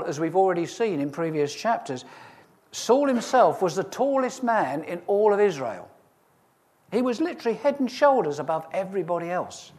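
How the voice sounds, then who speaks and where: A high-pitched man preaches a sermon, reading scripture and retelling it as lively, humorous storytelling with asides to his listeners.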